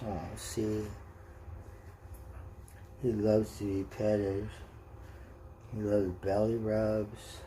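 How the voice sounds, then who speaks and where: A man vlogging casually, talking softly and affectionately to his pet cat and coaxing it. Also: on the low side, little pitch movement, drawn-out words, pauses often, a little hiss or hum. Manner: soft, cooing, affectionate toward the cat.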